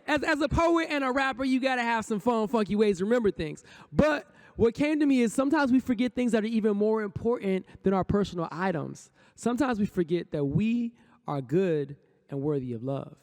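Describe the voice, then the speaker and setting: On a conference stage, a poet and rapper with a high-pitched, darkish voice delivers a motivational talk in rhythmic bursts. He guides the audience through repeated affirmations in call-and-response.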